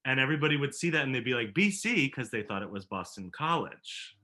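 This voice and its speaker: A man with a bright, forward voice talks casually about his conservatory years. He is animated, laughs easily and trips over his own restarts. He comes through a video call. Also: medium pitch, fast talker. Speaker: musical theater professor and alumnus. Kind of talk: casual reminiscing conversation.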